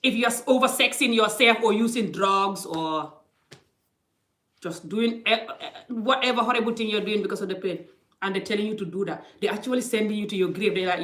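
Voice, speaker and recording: A woman's voice: medium pitch, animated, normal speed, a bit bright. A middle-aged woman talking into her phone, giving life advice in an emphatic, casual way. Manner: emphatic, acts out quoted exchanges. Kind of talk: casual motivational talk. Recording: roomy echo.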